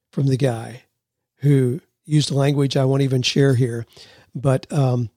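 A man's voice: mid-range voice, level tone, takes it slowly, warm tone, no room sound, studio quality. A man hosting his own solo advice podcast, talking in a folksy, earnest way as he answers listener questions and gives step-by-step tips. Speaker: podcast host.

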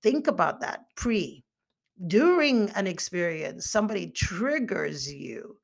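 A woman's voice: medium pitch, big pitch swings, a little slow, vocal fry. A woman giving a motivational teaching talk on emotional intelligence as a coach, acting out her inner thoughts with animation.

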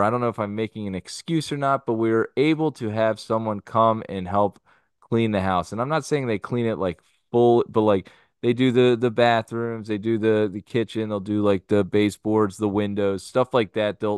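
Smooth, low-voiced podcast host man. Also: fairly even intonation, normal speed, no room sound, studio quality. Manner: easygoing, steering the topics. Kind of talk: casual chat.

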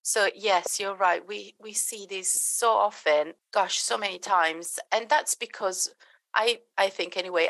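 A woman dog trainer and behaviourist, appearing as a guest, answers interview questions earnestly, often restarting her sentences and acting out quoted voices. Her mid-range voice is unhurried and fairly bright with vocal fry, and there's no room sound.

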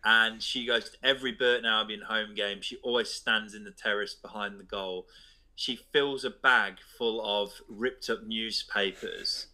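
Man, podcast co-host, bright and sharp tone, low-ish voice, rambling anecdotal chat. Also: steady tone, unhurried, low-quality recording. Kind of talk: casual chat.

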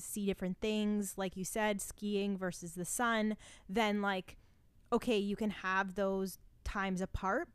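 A young woman co-hosts a podcast in a loose, chatty way full of little fillers. Her voice is smooth and clear. The sound is dry and close. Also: medium pitch, dry recording. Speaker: podcast co-host. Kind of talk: casual chat.

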